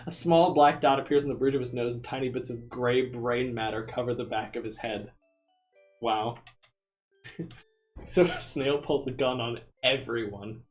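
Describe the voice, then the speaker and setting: A man's voice: medium pitch, fairly even intonation, normal speed, soft background music. A man streaming himself as he reads a text adventure game aloud, in a casual, amused way with asides. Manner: casual, amused, with frequent laughs.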